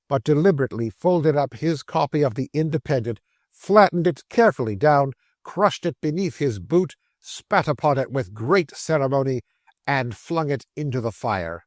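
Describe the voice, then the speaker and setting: A man narrates a classic novel at a measured, expressive pace. His voice sits at a middle pitch. The recording is dry and close to the mic. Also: no room sound. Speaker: audiobook narrator.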